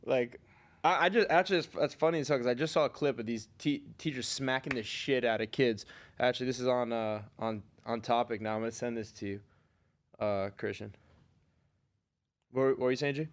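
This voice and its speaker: A man co-hosting a podcast, trading casual banter full of swearing and wisecracks. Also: mid-range voice. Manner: profane, wisecracking, quick asides. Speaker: podcast co-host.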